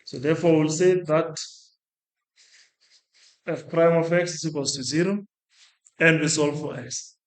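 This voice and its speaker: A man's voice: on the high side, unhurried, long pauses. A man teaching a maths lesson step by step, talking through his working aloud and often restarting or correcting himself. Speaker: maths lecturer. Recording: echoey room.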